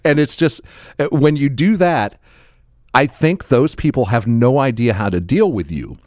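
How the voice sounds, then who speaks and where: A man's voice: medium pitch, expressive, measured pace, a little mellow, no echo, studio quality. A man co-hosting a podcast in casual chat, laughing often and stumbling over repeated words. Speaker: podcast co-host.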